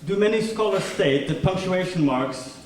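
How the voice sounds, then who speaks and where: An animated man with a high-sitting voice performs a lecture made up entirely of questions, his intonation climbing with each. He keeps a moderate pace in a large lecture hall. The recording is echoey, captured from far off, with faint noise.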